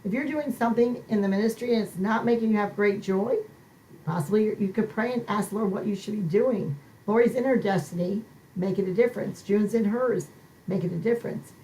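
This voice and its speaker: A woman's voice: brisk, dark tone, rough recording. Fervent woman hosting a faith podcast. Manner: emotional, preacher-like, swings up high for emphasis. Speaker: podcast host. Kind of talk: Christian ministry podcast talk.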